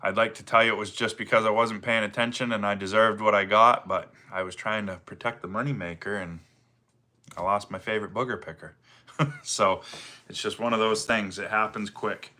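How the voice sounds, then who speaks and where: A middle-aged man with a Maine accent, hosting a relaxed livestream, greeting viewers by name and chatting with plenty of fillers. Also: fairly low pitch, moderate pace. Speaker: livestream host, firewood seller. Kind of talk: casual livestream chat reading viewer comments.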